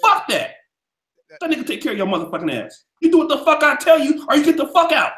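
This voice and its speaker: A man ranting loudly and crudely on a podcast, boasting and shouting, then dropping to a mutter. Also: very high-pitched, sing-song, fast, roomy sound. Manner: loud, profane, boastful, swings from shouting to muttering. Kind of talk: heated casual podcast rant.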